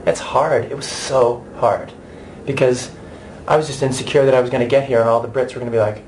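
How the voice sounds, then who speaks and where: A man's voice: medium pitch, steady tone, a little fast, darkish tone, a little hiss or hum. An American man in his thirties, an actor giving a candid, chatty interview with many restarts and asides. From United States.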